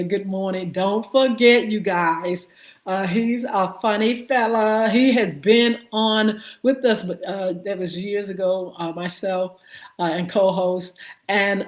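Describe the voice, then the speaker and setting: A woman hosting a live morning show, greeting viewers by name and giving show updates with many fillers. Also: medium pitch. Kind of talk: live-stream greetings and announcements. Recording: echoey room.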